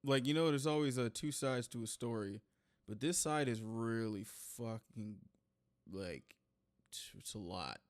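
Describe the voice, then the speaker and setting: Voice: mid-range voice, measured pace, no echo, studio quality. A reaction video host who comments casually and incredulously, swears a lot, and repeats lines to mock them. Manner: loud, incredulous, swears, mocking repetition.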